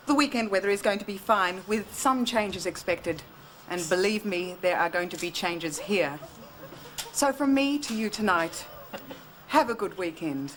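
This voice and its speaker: A woman's voice: mid-range voice, lively intonation, normal speed, a bit bright, a little hiss or hum. A woman newsreader with an Australian accent, giving a dry, wry sign-off. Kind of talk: mock news sign-off.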